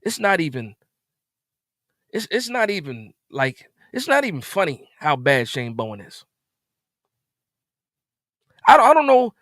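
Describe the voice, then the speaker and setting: A man hosts a live stream with an exasperated, animated rant, his fairly high voice jumping suddenly louder as he repeats his points. He talks close into the mic in a dry room with no echo. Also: unhurried, pauses often. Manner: exasperated, repeats himself, sudden loud jumps. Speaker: live stream host reacting to a game. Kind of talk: animated post-game rant.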